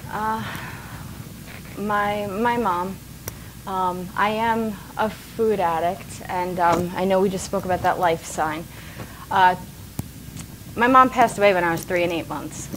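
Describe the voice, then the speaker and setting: A woman's voice: mid-range voice, takes it slowly, pauses often, low-quality recording. Woman, 40s, interview guest, tearful, earnest, emotional, faint background noise. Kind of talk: casual interview.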